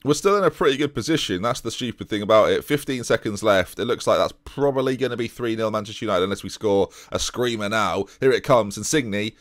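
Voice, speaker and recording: A man talks through his game as a let's-play commentator, running between exasperation and self-mockery. His voice sits on the low side. The sound is dry and close, with no room around it. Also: quick pace, hardly any pauses, a bit bright, no room sound. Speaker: gaming YouTuber.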